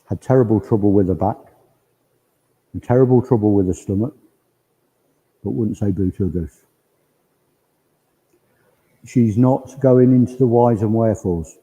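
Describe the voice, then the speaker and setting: Guy medium passing on spirit messages, really slow, deep dark tone. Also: slightly rough, low-quality recording. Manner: relays spirit messages in quoted speech. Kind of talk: mediumship demonstration at a service. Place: village hall.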